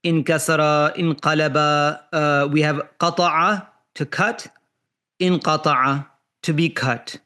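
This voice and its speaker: A man teaching an online class on verb forms, explaining patiently with examples and pausing often with fillers and restarts. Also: a little high, steady tone, sharp tone, clear, resonant tone. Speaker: Arabic teacher. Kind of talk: live online grammar class.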